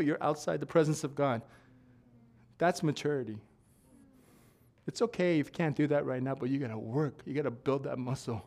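Pastor mid-sermon, big swings from shouting to soft joking asides. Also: male voice, on the high side, normal speed. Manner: swings from quiet asides to shouted preaching, laughing. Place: church.

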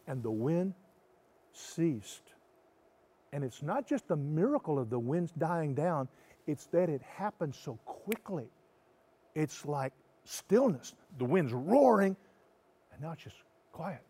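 A man's voice: a little high, sing-song. Man preaching with sweeping dynamics. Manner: dynamic preaching, rising loud for emphasis then dropping soft and slow. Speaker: pastor. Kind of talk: sermon.

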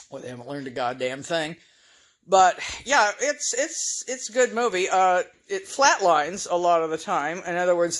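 A woman hosting her own podcast in a casual solo monologue, blunt and opinionated, swearing freely and chuckling at her own asides. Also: lowish voice. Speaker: podcast host.

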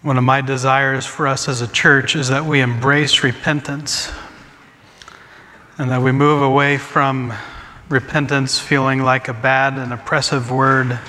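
Earnest pastor in a reverberant church. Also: male voice, medium pitch, little pitch movement, unhurried, pushed and bright. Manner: earnest, repeats and restarts phrases. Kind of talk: sermon with congregation Q&A. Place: church sanctuary. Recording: long church hall reverb, faint ambience.

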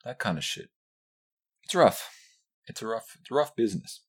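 A man's voice: expressive, normal speed, a bit bright. A young man hosting his own podcast, ranting casually and profanely, rambling with constant fillers. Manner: mocks others in high squealing voices. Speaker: podcast host. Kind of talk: casual solo rant.

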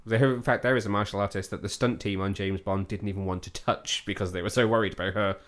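A man with a lowish, steady voice hosts a relaxed film review podcast, talking fast. He rambles somewhat, restarts his sentences often, and keeps putting questions to his co-host.

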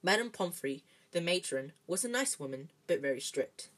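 A woman reading a children's storybook aloud, steady and plain, stumbling now and then and correcting herself. Her voice is husky and sits low for a woman. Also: normal speed, rough recording. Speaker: reader.

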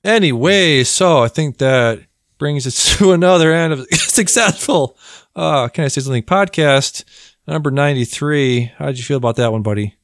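Chill podcast dude chatting, kinda rambly, mid voice, dead dry sound. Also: male voice, fairly high pitch, moderate pace, no room sound. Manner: relaxed, rambling with fillers and laughs. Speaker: podcast co-host. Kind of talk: casual chat.

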